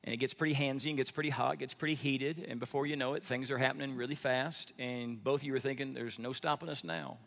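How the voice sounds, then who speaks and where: A man preaching a sermon as pastor, animated, with humor and acted-out voices. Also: mid-range voice, fast talker, few pauses, in a large hall. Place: church sanctuary.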